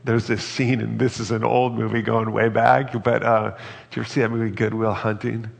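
A man's voice: on the low side, flat delivery, a little fast, vocal fry, in a large hall. A man preaching a reflective, earnest sermon and reading scripture aloud. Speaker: pastor.

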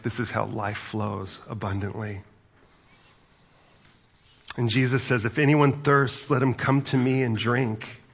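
Gravelly-voiced male pastor preaching. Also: on the low side, a bit bright, muffled recording. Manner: earnest, reflective, with frequent restarts. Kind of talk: sermon.

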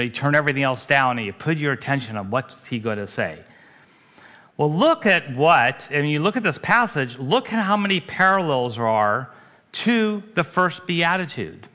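Pastor guy giving a sermon, bright tense voice, chatty, keeps asking the room questions. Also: mid-range voice, animated, moderate pace. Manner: conversational preaching, asks the congregation questions.

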